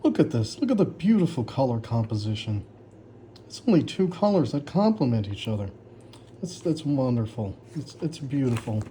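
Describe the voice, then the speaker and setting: A man's voice: mid-range voice, big pitch swings, moderate pace, warm tone, a little hiss or hum. A man in casual commentary, reacting sarcastically to his own old writing, mocking it and laughing often. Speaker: author reviewing his old story.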